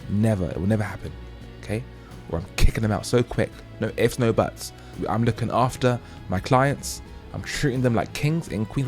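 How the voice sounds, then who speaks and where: A man from the UK hosting his own show, delivering an emphatic, preachy monologue that keeps checking in with "okay?" and jumps higher and louder on key points. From United Kingdom. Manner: rising to loud high emphasis on key points. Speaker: host. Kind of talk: opinionated monologue.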